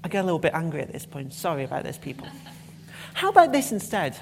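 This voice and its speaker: A woman's voice: lowish voice, sing-song, fast, gravelly, a little hiss or hum. A woman giving a conference talk, passionate and emphatic, with blunt swearing when annoyed. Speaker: conference speaker.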